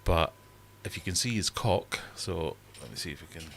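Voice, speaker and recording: A man's voice: sits low, animated, normal speed, vocal fry, a bit bright, slight background noise. A man hosting a casual livestream from his fish room, chatting in a rambling, self-deprecating way. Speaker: livestream host and fishkeeper.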